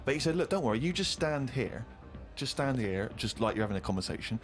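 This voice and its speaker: A man, co-hosting a comedy chat show and telling an animated story, acting out other people's lines as he goes. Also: mid-range voice, quick pace, faint music behind. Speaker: co-host.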